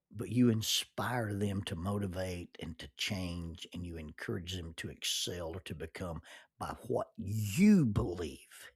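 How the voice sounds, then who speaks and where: A man giving a reflective, faith-based talk as a podcast host, earnest and halting, often repeating words as he starts a phrase and slowing down to stress key words. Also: deep voice, slightly rough.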